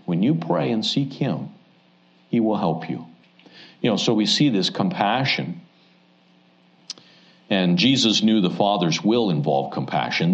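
A man's voice: on the low side, dull audio. A man, a pastor preaching a conversational Sunday evening sermon in a church, joking as he teaches. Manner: conversational and joking, with rising asides.

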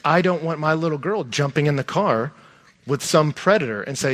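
A middle-aged man, a pastor preaching a sermon in a conversational, animated way. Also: a little high, normal speed, background noise.

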